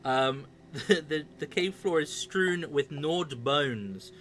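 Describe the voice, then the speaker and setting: A man's voice: a little high, takes it slowly, fairly bright tone, slight background noise. Laid-back male game master. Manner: laid-back, self-mocking, stumbles over words. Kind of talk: narrating a tabletop game.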